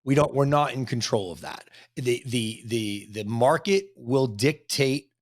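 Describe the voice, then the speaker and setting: A middle-aged male host chats with a longtime friend in a lively, animated way. He sounds close and dry, with an ordinary mid-pitched voice. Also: unhurried, no echo. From Boston area. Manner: warm, animated, friend to the guest. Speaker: podcast host, interviewer. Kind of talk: casual interview talk.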